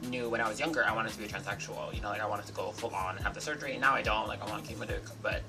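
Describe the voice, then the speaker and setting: A man's voice: lowish voice, steady tone, racing, music in the background, low-quality recording. A young American man with a faint English lilt that slips in and out, ranting casually in a chatty, sassy way. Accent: American with a slight fading English lilt. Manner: chatty, sassy, with many "like"s and "you know"s. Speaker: regular member of a group vlog channel. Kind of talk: casual rant vlog.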